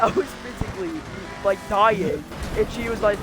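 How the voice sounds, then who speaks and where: A man's voice: sits high, normal speed, few pauses, over music, poor audio. A man co-hosting a podcast, telling a story in a rambling, casual way, full of fillers and bursts of laughter. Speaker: podcast co-host.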